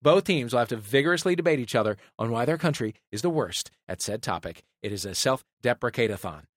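Guy hosting a comedy game show, bouncy pitch, dry close sound, jokey. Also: animated, quick pace, no echo. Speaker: host.

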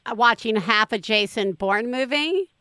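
Woman in her forties, podcast host, bright voice, crisp and dry sound. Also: a little high, lively intonation, measured pace, no room sound. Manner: laughs often, enthusiastic. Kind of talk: casual chat.

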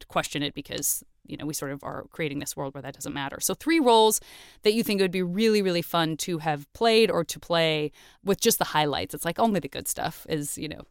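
A woman's voice: sits low, lively intonation, a little fast, clean tone, no echo, clean studio sound. A woman hosting a casual podcast interview, talking with effusive enthusiasm. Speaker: podcast host.

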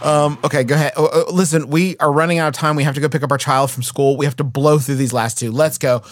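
A man's voice: fairly high pitch, fairly even intonation, fast talker, no room sound, studio quality. A man co-hosting a casual comedy podcast, joking and doing little bits as he talks. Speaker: podcast co-host.

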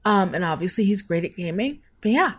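Casting: animated woman podcast co-host, swooping pitch, easy laughs. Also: brisk, husky. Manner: expressive, giggly, swoops in pitch. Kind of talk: casual chat.

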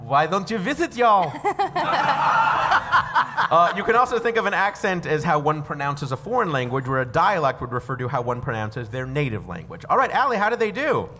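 A man runs a live trivia show on stage with a playful, halting manner. His pitch sits a little high and moves about a lot. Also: very animated, sharp tone. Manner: playful, many uh fillers. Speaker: quiz show host. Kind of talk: live quiz show hosting.

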